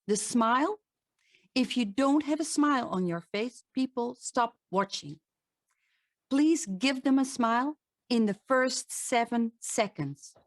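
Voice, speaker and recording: A middle-aged woman with a Dutch accent, a voice and presentation coach giving an online talk, speaking slowly and emphatically with frequent restarts. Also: a little high, no echo, clean studio sound.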